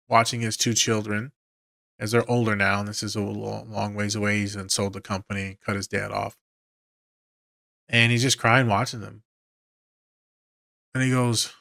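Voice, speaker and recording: A man's voice: fairly low pitch, gravelly, pushed and bright, no room sound, clean studio sound. A man hosting a podcast as a therapist, retelling film scenes emotionally with quoted lines and swearing. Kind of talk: casual film breakdown.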